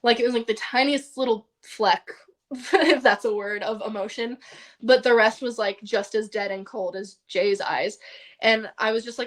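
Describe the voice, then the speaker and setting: Animated woman telling a personal story. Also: medium pitch, normal speed. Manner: animated, heavy use of "like", laughs often. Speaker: podcast guest.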